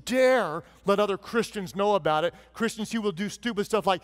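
At a moderate pace with hardly any pauses, a pastor delivers a forceful sermon, his fairly high voice ringing with the long reverb of a large church hall. He punches his points with animated emphasis, sometimes mock-sarcastic, sometimes earnest.

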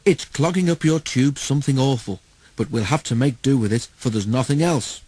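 A man's voice: medium pitch, normal speed, a little mellow, slightly rough, dry recording, natural voice. A man voicing a practical, plain-spoken railway fireman in a storybook reading.

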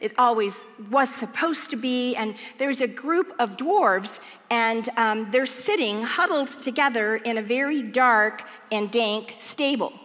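Woman, preacher, sermon, animated storytelling, fairly high voice, long hall reverb. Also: a little slow, hardly any pauses. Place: large church auditorium.

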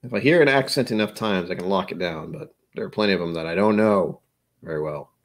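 Rambling American man in his forties, low voice. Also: quick pace. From United States. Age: 40s. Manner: rambling, joking, chuckles often. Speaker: livestream host. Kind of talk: casual livestream chat.

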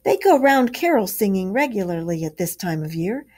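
A woman's voice: medium pitch, very animated, moderate pace, dark tone. A woman voicing an eager, homely male mole in a storybook read-aloud. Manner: eager, fond.

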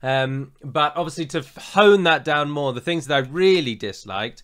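A man's voice: fairly high pitch, expressive, normal speed, fairly bright tone, smooth. A man with a southern English accent, chatting casually as co-host and giving opinionated reviews with frequent fillers. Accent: southern English standard. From England. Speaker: podcast co-host.

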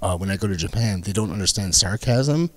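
Middle-aged male comic from Canada, animated storyteller, dry close mic. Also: on the low side, fairly quick, no room sound. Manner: animated anecdotes with acted-out quotes. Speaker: guest comedian. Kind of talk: casual podcast storytelling.

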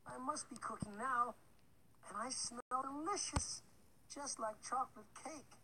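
A man's voice: extremely high pitch, a little slow, pitched above the performer's own voice. A man voicing a dim, greedy young boy in a storybook reading, dry and offhand. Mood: worried. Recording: loud background noise with clicks.

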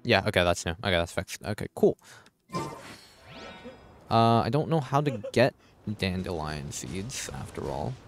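This low-pitched, very animated man speaks unhurriedly with vocal fry and frequent pauses, faint music in the background. He's live streaming a game, casually swearing and replying to chat while distractedly fixing settings and repeating "hold on."

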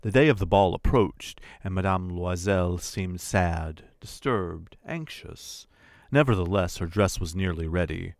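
A man narrating a classic short story as an audiobook in a measured, deliberate way. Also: low voice, no echo, clean studio sound. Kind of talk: scripted literary narration.

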